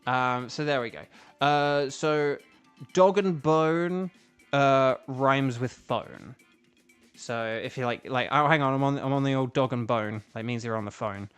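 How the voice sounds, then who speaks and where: Unhurried and fairly even in intonation, a young British streamer and voice actor talks in a smooth, fairly bright mid-range voice, with faint music behind. He chats casually with his audience while gaming, rambling through fillers and restarts.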